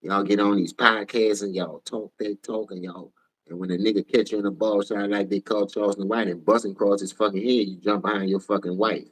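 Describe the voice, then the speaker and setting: A tired man with a New Orleans accent ranting profanely on a casual sports livestream, switching between low mumbles and loud outbursts. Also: steady tone, a little fast, slightly rough. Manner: profane, heated, jumps between mumbling and shouting.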